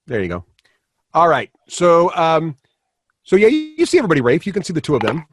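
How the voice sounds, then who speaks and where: Rambling male game master, slightly high pitch, dry mic. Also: huge pitch swings, fairly quick, no room sound. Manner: rambling, many fillers and restarts. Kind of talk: running a tabletop game.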